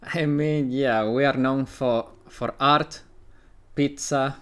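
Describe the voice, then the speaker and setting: A man's voice: mid-range voice, steady tone, slow pace, clear, resonant tone. A young man from Italy chatting casually with his live chat while playing and reading a game aloud. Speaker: gaming streamer. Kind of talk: casual livestream commentary and reading.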